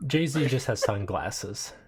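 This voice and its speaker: A woman player at a tabletop game, joking in a slow, dry way. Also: a bass voice, expressive, a little mellow, slightly rough.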